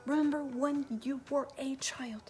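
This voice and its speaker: A woman medium in trance, giving a channeled message as a collective "we" in a slow, hushed, often whispered, repetitive delivery. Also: high voice, level tone, soft background music. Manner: speaks as a collective "we".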